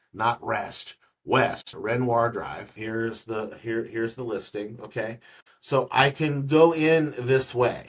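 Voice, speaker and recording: A man's voice: on the low side, husky. Chatty man teaching from a distance. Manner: chatty, jokey asides, repeats words. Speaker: real estate agent teaching a colleague. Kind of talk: casual screen-recorded tutorial. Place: office room with a colleague. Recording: dull, distant screen-recording audio.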